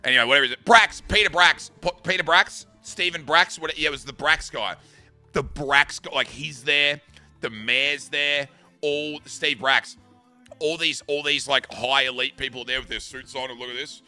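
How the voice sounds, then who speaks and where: A man's voice: a little high, moderate pace, bright, forceful tone, soft background music. A young Australian man casually telling a rambling, sweary school story, full of bro and dude. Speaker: streamer.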